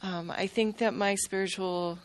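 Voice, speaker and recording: A woman sharing personal reflections softly and thoughtfully. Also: medium pitch, steady tone, measured pace.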